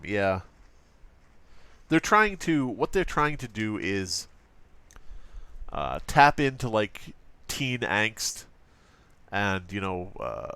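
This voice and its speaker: Animated, profane male gaming host. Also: lowish voice, clear, resonant tone, no room sound. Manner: profane, joking, frequent fillers. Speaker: let's play host. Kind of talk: casual commentary reading an old magazine.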